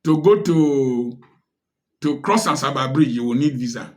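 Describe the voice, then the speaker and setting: A man's voice: medium pitch, unhurried, a little mellow. A man with a Nigerian English accent giving impassioned commentary, firing off rhetorical questions in a preachy tone. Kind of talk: direct-to-camera social commentary.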